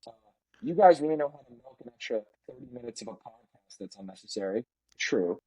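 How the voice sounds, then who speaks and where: A man co-hosting a casual sports podcast, ranting in an animated way and slipping into mock impressions. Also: medium pitch, brisk, rough recording. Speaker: podcast co-host.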